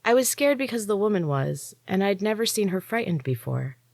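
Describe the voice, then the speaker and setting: Woman reader as a gruff, weary young woman warrior, blunt and begrudging, in a dry storybook reading. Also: mid-range voice, very animated, fairly quick, a little mellow, no echo, pitched above the performer's own voice. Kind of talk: audiobook reading.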